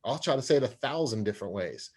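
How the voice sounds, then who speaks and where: Appearing in an interview conversation, this man, a sports psychologist who also specializes in anger management, speaks quickly in a mid-range voice with big pitch swings. He is earnest and acts out the voices he quotes.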